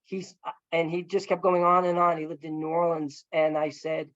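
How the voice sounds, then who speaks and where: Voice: mid-range voice, flat delivery, normal speed, a bit bright, dry recording, lo-fi sound. A filmmaker telling a long story over a video call, earnest and rambling, with many fillers and restarts. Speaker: filmmaker guest.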